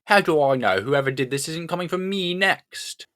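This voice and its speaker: A man's voice: a little high, lively intonation, moderate pace, fairly bright tone, pitched above the performer's own voice. A man voicing a smug talking male gecko with a British accent in a comic crime story.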